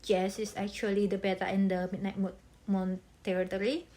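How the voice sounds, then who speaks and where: A young woman talking about a favorite book in a bubbly, chatty way, speaking English as a second language, with pauses and restarts. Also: medium pitch, level tone, dark tone. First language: not English. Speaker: book vlogger. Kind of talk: casual book chat.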